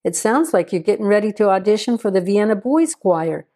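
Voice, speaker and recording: A male deputy with a dry, teasing streak delivers his jokes deadpan. A woman reading a story aloud voices him. The tone is soft and mellow. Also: mid-range voice, a little fast, close to an everyday voice. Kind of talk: audiobook reading.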